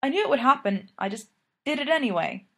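A woman's voice: high-pitched, very animated, brisk, creaky, pushed and bright, voice pushed up, exaggerated voice. A woman voicing a wry, self-doubting young female college student.

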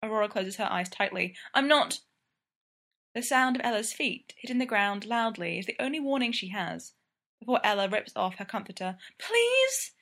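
A woman reading a story aloud in a calm, even voice of middle pitch. Her narration moves steadily between scenes without much drama. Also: a little fast, gravelly. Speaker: story reader.

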